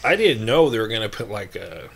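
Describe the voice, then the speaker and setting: In casual conversation, a man animatedly tells a story, acting out what people said, laughing a lot, and swearing freely. His voice is fairly low yet a bit bright, sing-song and brisk, with a gravelly, slightly rough texture.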